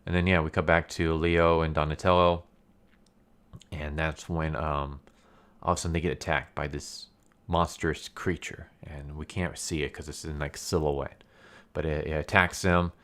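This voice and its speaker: A man's voice: rumbling low, level tone, normal speed, fairly bright tone. A man casually recapping a comic story, rambling with many fillers and frequent laughs. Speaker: comic book review YouTuber.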